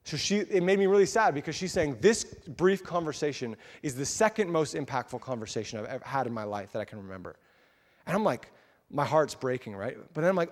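A man's voice: fairly high pitch, lively intonation, quick pace, big-room sound. A man, a pastor, telling a story in a casual, chatty sermon to his church. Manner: casual, chatty, with fillers and laughs. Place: church sanctuary.

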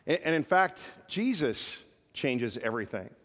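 A man's voice: medium pitch, big pitch swings, a little slow, fairly bright tone. A male pastor preaching a sermon in a conversational style with joking asides. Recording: reverberant church hall.

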